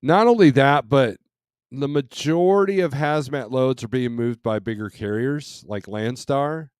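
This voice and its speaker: A man's voice: medium pitch, a little slow, darkish tone, smooth, no echo, studio quality. A middle-aged man hosting a trucking live stream, reading and answering chat in a casual, rambling way with many restarts and fillers.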